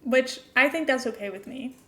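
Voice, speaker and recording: A young woman with a fairly high voice and an international-school American accent, chatting as she streams a game. She is chatty and giggly and answers her viewers between building tasks. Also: normal speed, a bit bright. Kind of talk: casual chat while playing a game live.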